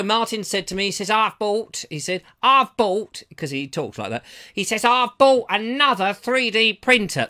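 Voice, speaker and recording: An English man with a fairly high, bright voice chats theatrically to his live audience on a lapel mic. His pitch swoops up and down as he reads out names and comments, playful and full of asides. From England. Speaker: host reading live chat comments. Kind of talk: casual live-stream chat.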